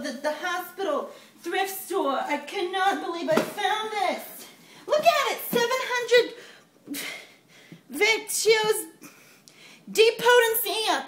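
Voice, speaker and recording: A man playing a brash, excitable middle-aged woman with a New York accent who gushes loudly and swears casually in a comedy sketch. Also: extremely high pitch, heavily acted. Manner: loud, gushing, swears casually. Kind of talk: comedy sketch character monologue. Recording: echoey room with background noise.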